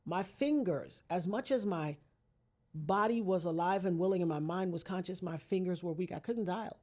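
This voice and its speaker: A woman's voice: lowish voice, moderate pace, mellow. Earnest woman telling a dramatic story. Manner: vivid storyteller who acts out quoted voices; earnest, invokes God. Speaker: podcast guest.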